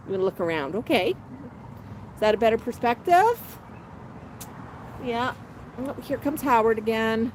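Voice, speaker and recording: A woman's voice: fairly high pitch, animated, unhurried, pauses often, a little hiss or hum, rough recording. A woman hosting a casual livestream on an outdoor patio, chatting to her pet bird and her viewers by turns. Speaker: parrot channel host.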